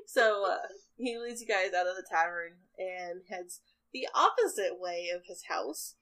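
A woman's voice: fairly low pitch, lively intonation, measured pace, bright, forceful tone, poor audio. A woman narrating a tabletop role-playing game as game master, chatty and rambling, often laughing.

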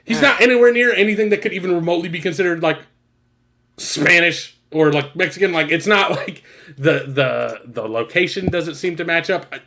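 Podcast guy ranting and swearing through a story, kinda high voice, super animated. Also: a little fast. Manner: animated, profane storytelling with exasperated outbursts. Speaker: podcast co-host. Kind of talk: casual podcast chat.

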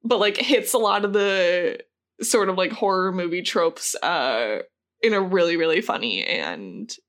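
A woman's voice: fairly low pitch, lively intonation, unhurried, fairly bright tone. A woman co-hosting a podcast, chatting casually about movies, with lots of fillers and laughter. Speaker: podcast co-host. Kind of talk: casual chat.

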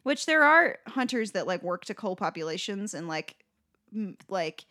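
Brief: young woman co-host, chatty storyteller, loose filler-laden delivery, mid-pitched. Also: sing-song, moderate pace, bright, forceful tone. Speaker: podcast co-host. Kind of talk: casual chat.

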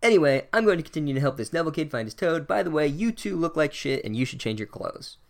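A man voicing a bossy, fast-talking schoolgirl who brags and lectures, in a raised pitch and a breathless rush. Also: big pitch swings, gravelly. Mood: superior. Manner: rapid, breathless boasting.

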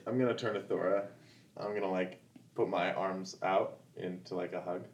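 A man playing a tabletop game, describing his actions softly and hesitantly. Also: deep voice, steady tone, moderate pace. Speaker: player. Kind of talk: casual tabletop play. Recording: echoey, from far off the mic.

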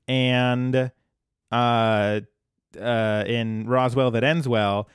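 Rambling podcast co-host, dry sound. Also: male voice, medium pitch, steady tone, very slow, clear, resonant tone, dry recording. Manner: rambling, self-deprecating, many ums. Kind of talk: casual chat.

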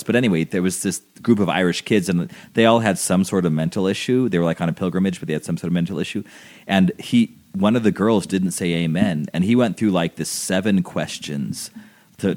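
A man chatting casually, telling relaxed stories from his childhood and travels. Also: sits low. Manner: relaxed anecdotal storyteller. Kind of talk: casual chat.

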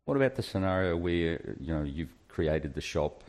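A deep-voiced man co-hosts a casual podcast chat. He steers the talk with questions and jumps in eagerly. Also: expressive, normal speed, a little mellow. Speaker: podcast co-host.

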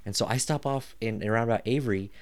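A man's voice: mid-range voice, fast talker. A man in his thirties hosting a podcast, telling a rambling, joking story with lots of swearing. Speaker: podcast host. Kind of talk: casual storytelling.

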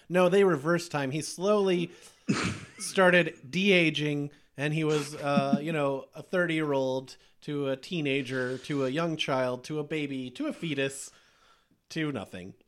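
A man's voice: medium pitch, fairly even intonation, unhurried. A man hosting a podcast, chatting casually about horror movies and laughing often as he retells scenes. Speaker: podcast host. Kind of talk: casual movie review chat.

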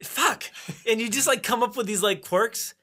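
A man's voice: extremely high pitch, moderate pace, pushed and bright. A man co-hosting a podcast in casual chat, rambling and laughing, swearing freely. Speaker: podcast co-host.

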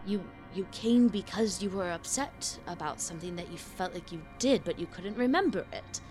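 A woman's voice: fairly low pitch, moderate pace, darkish tone, soft background music, lightly acted. A woman voicing a male priest who speaks earnestly and stammers when flustered. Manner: stammering, reassuring.

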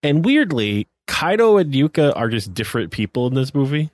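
A man's voice: mid-range voice, very animated, normal speed, darkish tone, no room sound. A man co-hosting a podcast, talking casually in a rambling, wry way with many fillers. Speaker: podcast co-host.

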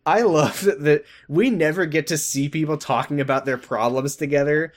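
A man's voice: a little high, normal speed. A man co-hosting a podcast, casually recapping a TV episode and acting out the characters' lines in mocking voices. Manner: animated retelling with mocking voices for quotes. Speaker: podcast co-host.

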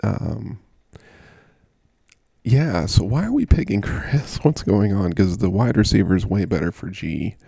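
Gravelly low-voiced man, rambling and jokey. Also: lively intonation, measured pace, mellow, no echo, studio quality. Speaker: fantasy football vlogger. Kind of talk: casual solo commentary.

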